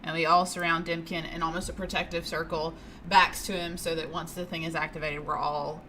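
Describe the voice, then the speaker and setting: A woman's voice: sits low, flat delivery, fairly quick, bright, forceful tone, a little hiss or hum. A woman playing in a tabletop game, describing her character's actions in detail. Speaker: player.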